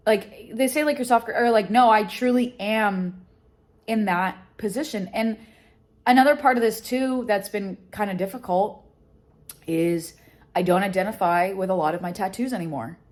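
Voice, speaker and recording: A woman's voice: mid-range voice, unhurried, long pauses, a little mellow. A woman vlogger and education business founder talking candidly and emotionally about her life, swearing freely. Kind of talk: candid personal vlog talk.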